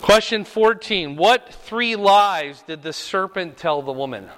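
A man leading a Bible study lesson in a relaxed, conversational way, often asking "right?" as he talks through the questions. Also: high-pitched, measured pace, big-room sound, low-quality recording. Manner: conversational, frequent rhetorical "right?".

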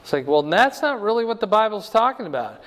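A man teaching a Bible lesson verse by verse, explaining slowly and checking in with "right?" and "okay?". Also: sits high, sing-song, a bit bright, big-room sound.

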